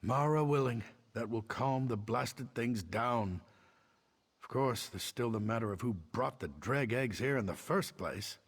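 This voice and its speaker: Husky wounded game soldier, urgent and commanding. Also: male voice, mid-range voice, lively intonation, unhurried. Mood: relieved. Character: wounded male soldier defending a town. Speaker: game character.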